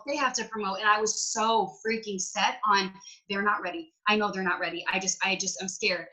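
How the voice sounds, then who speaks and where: A woman chats on a video call, her voice bright and forward. She rambles through her story, full of "like" and acted-out bits of her own talk. She sounds like a team leader sharing with a group. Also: mid-range voice, poor audio. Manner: rambling, emotional, lots of "like" and quoted self-talk. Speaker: network marketing team leader. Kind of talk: casual video call chat.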